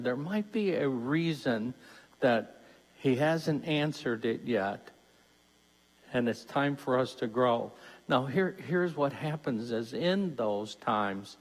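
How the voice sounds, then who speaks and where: A man's voice: medium pitch, takes it slowly. A man giving a conversational Lenten mission talk as a deacon, putting questions to his listeners. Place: church. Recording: long church reverb.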